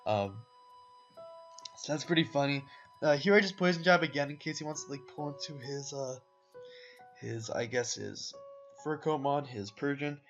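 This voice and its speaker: Here a competitive Pokémon player commentates his own matches at a normal pace, his medium-pitched voice broken by frequent pauses. His style is laid-back and meandering, thick with fillers, and he calls his audience "boys" and "guys." The casual voice-over comes through dull lo-fi audio with gentle guitar music in the background.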